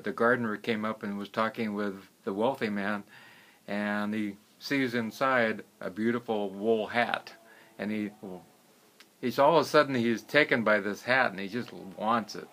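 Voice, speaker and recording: Man telling stories in a low voice. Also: fairly bright tone. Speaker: herbalist. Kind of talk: casual storytelling.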